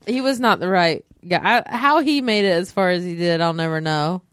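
A woman's voice: fairly low pitch, moderate pace, fairly bright tone, smooth, dry recording. A woman chatting casually as a podcast guest, rambling with lots of fillers and restarts. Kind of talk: casual chat.

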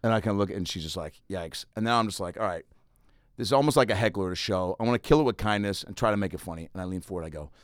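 Fast-talking man telling stories. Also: sits low, no echo, studio quality. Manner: animated storyteller, acts out people. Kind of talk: casual storytelling chat.

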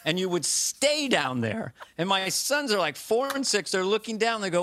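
A man appearing as a comedian guest over a video call, chatting casually as a playful, animated storyteller. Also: sits high, normal speed, hardly any pauses, background noise. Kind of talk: casual talk show chat.

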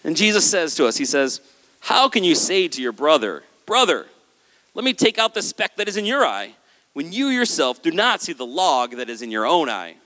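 A man preaching a sermon on stage with a handheld microphone, animated and acting out the voices of listeners and Jesus. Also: fairly high pitch, moderate pace. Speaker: pastor. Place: large hall with a stage. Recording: hall with long reverb.

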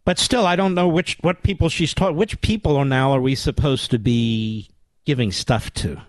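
A man's voice: mid-range voice, moderate pace, no echo. A man hosting a political talk radio show, combative and sarcastic.

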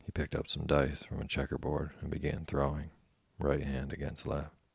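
A man reading a novel aloud as audiobook narration, in an even, unhurried storytelling manner. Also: a bass voice, creaky, slightly rough, dry recording. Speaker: audiobook reader.

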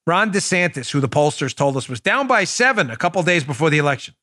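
Sarcastic, high-voiced male political host. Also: quick pace. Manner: sarcastic, animated, talks to the audience directly. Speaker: talk show host. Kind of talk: political commentary.

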